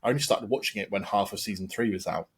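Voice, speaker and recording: A man's voice: lowish voice, fast talker, breathy edge. An English man hosting a podcast, chatting casually and rambling with many ums and restarts. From England. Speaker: podcast host. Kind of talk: casual chat.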